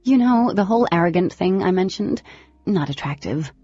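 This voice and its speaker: A woman voicing a defiant teenage girl who snaps back in loud, indignant retorts. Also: fairly low pitch, animated, moderate pace, husky. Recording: slightly lo-fi with faint music.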